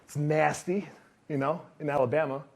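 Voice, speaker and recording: A man giving a motivational talk to a live audience, telling his story in an animated way and acting out what others said. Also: a little high, moderate pace, vocal fry. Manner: animated storyteller who acts out quotes. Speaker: speaker.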